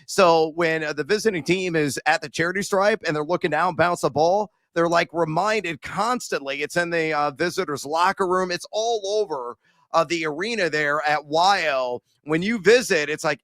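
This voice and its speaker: A man's voice: on the high side, normal speed, a bit bright, no room sound. A man hosting a sports betting talk show, chatting casually with jokes and lots of "uh" fillers. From Central Illinois. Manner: rambling, jokey, many "uh" fillers.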